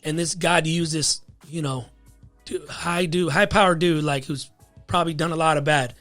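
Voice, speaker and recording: A man's voice: a little high, steady tone, normal speed, a bit bright, faint music behind. A man as a podcast guest, telling a personal story in a loose, casual way, full of fillers like "you know what I mean.". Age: adult with a wife and child.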